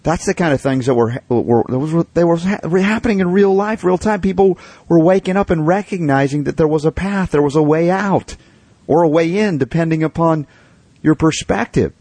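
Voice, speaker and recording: A man's voice: on the high side, moderate pace, darkish tone, slightly rough, no room sound. A man hosting a radio talk show, speaking with emphatic enthusiasm. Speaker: radio host.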